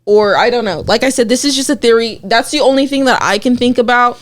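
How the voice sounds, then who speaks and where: A young woman with a high voice tells a story in loose, casual podcast chat. She is animated and throws in plenty of swearing. Her delivery stays relaxed and conversational. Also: quick pace.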